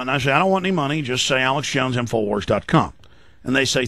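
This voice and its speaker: A male radio talk show host, delivering an emphatic, defensive, rapid-fire monologue. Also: mid-range voice, gravelly, fairly bright tone, dry recording, studio quality. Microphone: studio mic.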